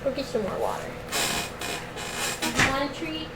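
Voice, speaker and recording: A young adult woman streamer chatting casually while she plays, ranting with heavy swearing and switching to soft baby talk with her dog. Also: sits high, huge pitch swings, normal speed, very noisy. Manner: exasperated, heavily profane ranting. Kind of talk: casual live-stream chat.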